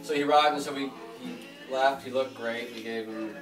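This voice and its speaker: A man's voice: medium pitch, fairly even intonation, normal speed. Man, memorial storyteller, rambling, laughing, far from mic, roomy echo. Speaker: friend sharing memories at a memorial. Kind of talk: casual anecdote telling. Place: room at a memorial gathering. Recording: roomy, distant, loud music behind.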